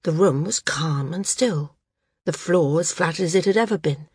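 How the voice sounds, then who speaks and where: Husky-voiced woman reading a novel. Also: low voice, moderate pace, no room sound, studio quality. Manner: calm, even storytelling. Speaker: audiobook narrator. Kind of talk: scripted narration.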